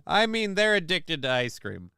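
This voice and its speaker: Male stream host, sarcastic and crude, rambles off chat; tense bright tone, very clean and dry sound. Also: fairly high pitch, big pitch swings, normal speed, clean tone, no echo. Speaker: live-stream show host. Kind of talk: casual live-stream commentary reading chat.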